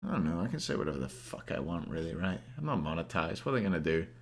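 A man's voice: deep voice, very animated, fast. A young man in a casual live stream, ranking players and ranting at his chat with plenty of swearing, hungover. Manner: swears a lot, rants at chat.

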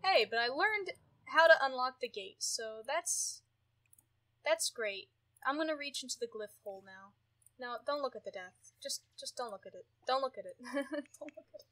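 Woman, high-pitched, bright voice, exasperated gameplay commentary, shouts at her characters. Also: expressive, normal speed. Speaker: gameplay streamer.

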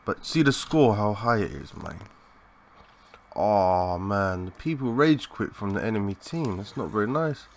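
A young man giving live, excitable commentary over a shooter game, swearing and chatting in slang. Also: lowish voice, unhurried. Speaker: gaming commentator.

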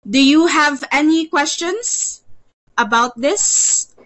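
A woman's voice: high-pitched, expressive, slow, a bit bright, low-quality recording. A woman teaching an online English lesson, patient, repeating words and stammering "you, you" as she leads drills.

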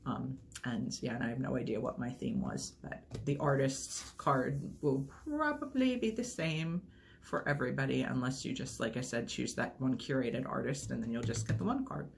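A woman's voice: rumbling low, vocal fry. A woman chatting casually through an unboxing video, rambling and gushing over each item. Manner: enthusiastic, gushing. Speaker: unboxing vlogger.

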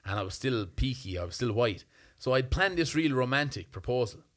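A young Irish man co-hosting a podcast, telling an animated, self-mocking story in casual chat. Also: mid-range voice, a little fast. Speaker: podcast co-host.

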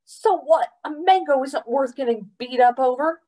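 Woman doing a grumbly sarcastic kid, slow and dry, storybook read-aloud. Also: medium pitch, lively intonation, dark tone, husky, rough recording. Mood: grumbling. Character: boy Somkit, wisecracking and wary.

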